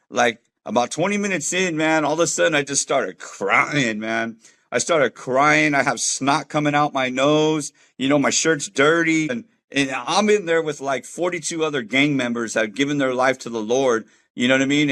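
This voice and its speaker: A man's voice: fairly high pitch, a bit bright. Earnest man telling his testimony. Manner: earnest, heartfelt, with street slang. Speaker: former gang member sharing a faith testimony. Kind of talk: personal testimony storytelling.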